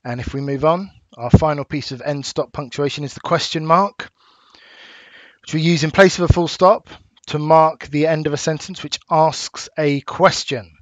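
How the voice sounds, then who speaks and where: A man with an English accent, a teacher giving a recorded lesson, explaining patiently and clearly with small fillers. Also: fairly high pitch, steady tone, moderate pace, no room sound. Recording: dull dry home recording.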